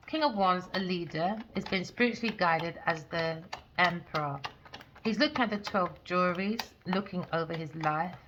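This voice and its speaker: A woman's voice: lowish voice, a bit bright. A woman giving a rambling, emphatic tarot reading, swearing freely. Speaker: tarot reader. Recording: dull lo-fi recording.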